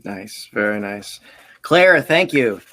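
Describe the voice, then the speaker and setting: A woman moderating a virtual fan panel, reading out questions with upbeat quick thanks and short affirmations. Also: a bass voice, lively intonation, fairly bright tone. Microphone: video call.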